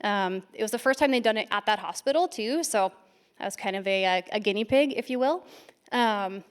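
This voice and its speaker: A woman giving a lightning talk at a conference, telling a story quickly and a little self-deprecatingly, with a voice that shakes from nerves. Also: mid-range voice, clear, resonant tone. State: shaky voice from nerves. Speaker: conference speaker. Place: conference stage.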